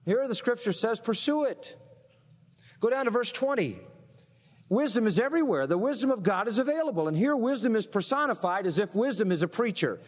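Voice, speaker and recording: A man preaching with a high-pitched voice and an emphatic delivery, pausing to quiz his listeners with rhetorical questions. His voice rings with a long reverb behind it. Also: lively intonation. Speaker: pastor. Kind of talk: sermon.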